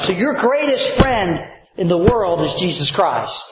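A man's voice: sits high, sing-song, a little slow, few pauses, roomy sound, muffled recording. A man preaching a sermon as a pastor, stretching out key words and calling for amens. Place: church sanctuary.

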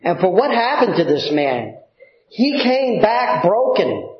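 A man delivers a sermon in a fairly high voice, taking his time with long pauses and filler words. His words ring through an echoey room, and the recording sounds dull and lo-fi. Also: big pitch swings. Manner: slow, deliberate teaching with pauses and fillers. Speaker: pastor.

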